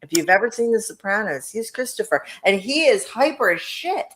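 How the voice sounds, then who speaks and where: A woman co-hosting a chat show, talking in an animated, gossipy way and swearing freely. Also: mid-range voice, a little fast, a little hiss or hum. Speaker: co-host. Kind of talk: casual chat.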